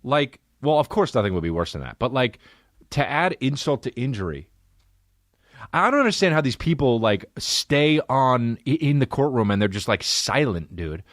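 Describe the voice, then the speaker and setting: Male podcast host, profane comic rant, very expressive pitch, dry studio sound. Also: moderate pace, no room sound. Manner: animated, profane, sweary.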